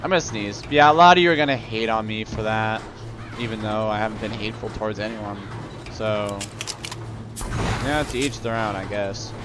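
A young man rants and rambles as he commentates on his own video game play, let's play style. His voice is on the low side at a moderate pace, and there's heavy background noise.

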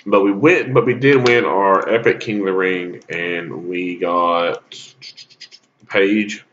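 Deep-voiced man rambling over mobile gameplay. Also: steady tone, slow pace, a bit bright, lo-fi sound, a little hiss or hum. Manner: rambling, lots of ums, coughing and sneezing. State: sneezy with a cough. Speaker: gaming YouTuber. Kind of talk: casual gameplay commentary.

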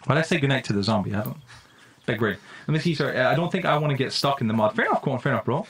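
A young man live-streaming a game, chatting with viewers in slang and breaking into loud exclamations. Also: mid-range voice, animated, rapid-fire, slightly rough. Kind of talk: live-stream gaming commentary. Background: faint music.

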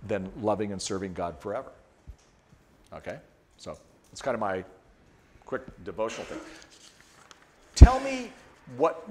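A man's voice: fairly low pitch, slight background noise. A man in his sixties giving a conversational devotional talk, telling a story and acting out the voices of the people in it. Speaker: speaker teaching a lecture. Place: room with an audience.

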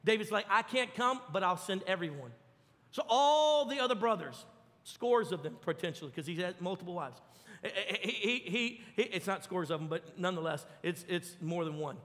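A man preaching a sermon, telling the story with lively acted-out voices. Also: high voice, moderate pace, in a large hall. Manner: animated storytelling, acts out voices. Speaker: pastor. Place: church.

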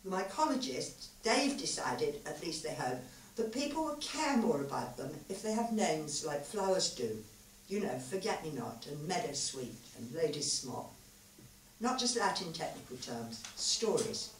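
A woman's voice: sits low, a little slow, a little hiss or hum. A woman voicing a rambling tipsy physicist. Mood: musing. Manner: animated, lively rambling. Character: rueful man, tipsy physicist, musing. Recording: roomy live hall, far mic.

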